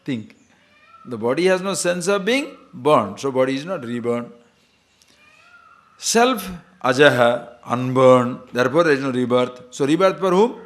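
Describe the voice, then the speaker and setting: A man teaching scripture, emphatic and full of rhetorical questions, sometimes chanting verses slowly. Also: mid-range voice, expressive. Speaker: spiritual teacher. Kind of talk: lecture on scripture.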